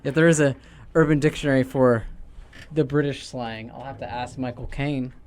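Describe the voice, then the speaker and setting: A man from Canada co-hosting a casual podcast. He rambles and jokes, trailing off into fillers and restarts, at a middling pitch. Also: steady tone, normal speed, darkish tone. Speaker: podcast co-host. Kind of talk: casual chat.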